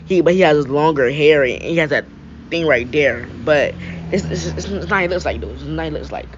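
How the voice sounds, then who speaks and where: A man's voice: on the high side, moderate pace, noisy background. A young man improvising a fan-fiction story, rambling with frequent restarts and filler phrases. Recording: dull lo-fi mic.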